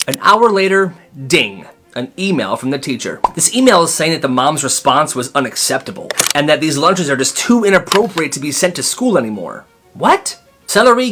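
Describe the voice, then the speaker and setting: A man narrating comedic storytime skits with sarcastic asides and voices for the people in them. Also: a little high. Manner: animated, sarcastic commentary.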